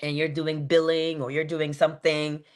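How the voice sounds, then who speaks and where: A woman's voice: sits low, flat delivery. Woman giving a playful spiritual talk. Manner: conversational, playful asides, slow drawn-out emphasis. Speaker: inspirational speaker.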